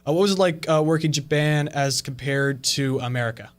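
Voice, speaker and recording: A man's voice: a little high, a little fast. A man hosting a wrestling podcast, asking interview questions with many hesitant fillers. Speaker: podcast host.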